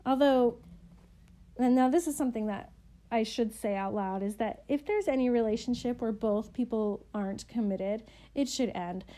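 A young woman with a high, mellow voice, chatting casually about a book with a friend. She giggles often and is animated, leaping up in pitch whenever she plays out the characters' lines. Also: moderate pace. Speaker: podcast co-host. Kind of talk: casual book-discussion chat.

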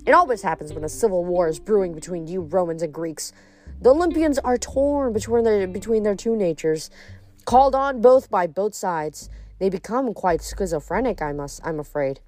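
A woman's voice: mid-range voice, lively intonation, moderate pace, darkish tone, faint music behind, lightly acted. A woman reading aloud, voicing a scornful, cackling goddess of revenge. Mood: haughty. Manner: sneering, haughty.

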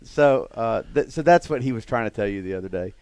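A middle-aged man from Alabama, telling animated stories and laughing often in a casual chat. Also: medium pitch, a little fast, smooth, no room sound. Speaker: co-host.

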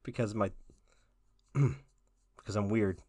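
A man co-hosting a podcast, raspy from a recent illness, chatting casually and laughing often. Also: fairly low pitch, takes it slowly, a little mellow, no room sound, studio quality. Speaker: podcast co-host.

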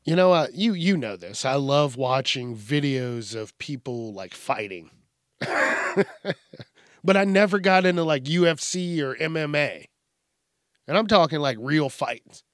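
Profane, animated man ranting on a podcast. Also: measured pace, no echo, clean studio sound. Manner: profane, animated, mimics people in high yelps. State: groggy early-morning voice. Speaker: podcast host. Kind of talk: casual solo rant.

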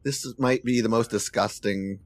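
A man's voice: lowish voice, moderate pace, no room sound. A man guesting on a podcast, chatting casually and expressively.

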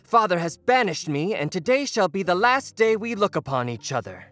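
A woman's voice: on the low side, sing-song, moderate pace, a bit bright. A woman voicing a scheming young male storm god in an audio drama, mock-polite and sly.

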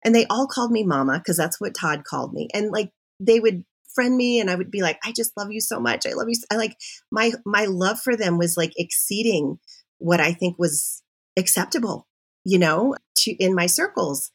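A middle-aged woman, a podcast guest, telling her personal story in an animated, confessional way. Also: medium pitch, moderate pace, slightly rough. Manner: animated and confessional, with self-interruptions.

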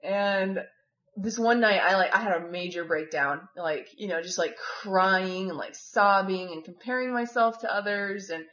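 A woman's voice: mid-range voice, normal speed, hardly any pauses, fairly bright tone. A woman telling a personal story in a casual, rambling way, filling her speech with "like" and "you know". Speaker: former volunteer living with a host family. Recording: dull, echoey room recording.

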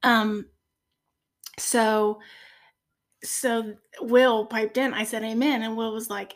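A woman in her forties tells her story of faith as a podcast guest. Her voice sits a little high and soft, and it sometimes falls almost to a whisper. She speaks earnestly and with feeling. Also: fairly even intonation, measured pace. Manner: earnest, tearful at moments. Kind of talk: personal faith testimony.

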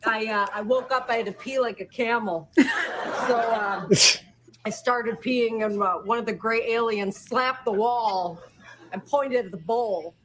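An actress playing a crude, unbothered woman describing an alien abduction in a flat, folksy way. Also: a little high, unhurried, slight background noise, poor audio. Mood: deadpan, blunt. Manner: deadpan storytelling with folksy slang. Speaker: alien abductee being questioned. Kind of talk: sketch comedy acting.

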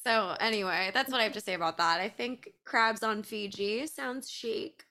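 A woman's voice: mid-range voice, normal speed, bright, forceful tone. A woman hosting a podcast, chatting playfully and tossing out blunt crude jokes. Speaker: podcast host. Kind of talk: casual podcast chat.

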